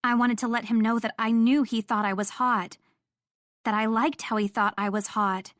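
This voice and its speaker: A woman's voice: on the high side, steady tone, moderate pace, fairly bright tone, dry recording, clean studio sound. A young woman narrating a first-person romance audiobook in an intimate storytelling manner.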